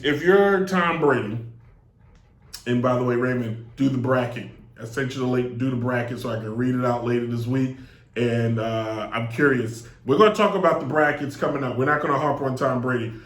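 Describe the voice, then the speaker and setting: In an echoey room, a man talks into a stand-mounted desk mic as he hosts a live sports show, wandering off on jokes and digressions in a casual monologue. His mid-range voice has a fairly bright tone, and there's slight background noise.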